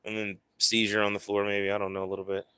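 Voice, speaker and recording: A man's voice: on the low side, completely flat delivery, fast talker, pushed and bright, smooth, dry recording. A man hosting a casual livestream, rambling to his viewers and cooing at his pets. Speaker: livestream host.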